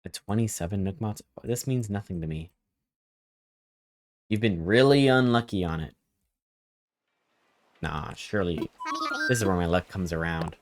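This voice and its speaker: Deep-voiced young man joking on stream. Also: lively intonation, a little slow, pauses often, dry recording, studio quality. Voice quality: playful, rambling and joking, reacting to chat. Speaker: game streamer. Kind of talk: casual live-stream chat with viewers. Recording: game music playing behind the voice.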